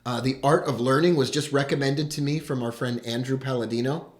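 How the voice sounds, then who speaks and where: An excitable man, hosting a live broadcast and greeting his viewers with enthusiasm. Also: mid-range voice, a little fast. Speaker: host.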